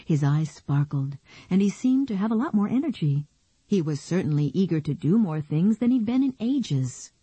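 A woman narrating a romance novel in a soft, even storytelling manner, close to the mic. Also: medium pitch, moderate pace, breathy edge, dry recording. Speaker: audiobook narrator. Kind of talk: scripted narration.

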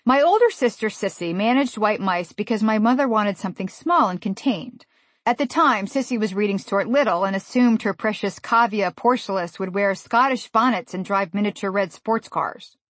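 A woman in her forties from the USA, reading her own humorous memoir in a wry, deadpan way. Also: medium pitch, normal speed, no echo. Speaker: author narrating a memoir. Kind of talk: humorous audiobook narration.

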